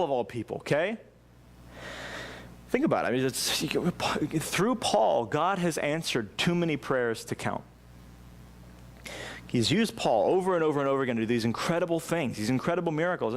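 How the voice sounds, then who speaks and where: A man delivers a sermon to his church, his voice sitting a little higher than most men's. He preaches earnestly and with real feeling, stumbling and restarting as he works through his thoughts. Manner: earnest, impassioned, with frequent restarts. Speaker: pastor.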